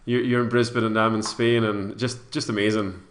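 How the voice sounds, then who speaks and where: A man hosting a live online show in a friendly, halting way. He often repeats words and restarts sentences. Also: on the low side, flat delivery. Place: indoor studio.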